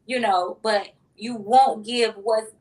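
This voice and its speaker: A woman's voice: on the high side, fairly even intonation, slow, darkish tone, far from the mic, poor audio. A woman, a mother, speaking heartfelt and emotional as an interview guest. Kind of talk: interview chat.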